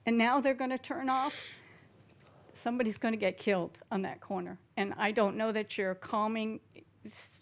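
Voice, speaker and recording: Woman at a council mic, worried and earnest, lots of ums, mid pitch. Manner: earnest, worried, halting with fillers. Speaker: resident speaking at public hearing. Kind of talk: public comment at a council meeting.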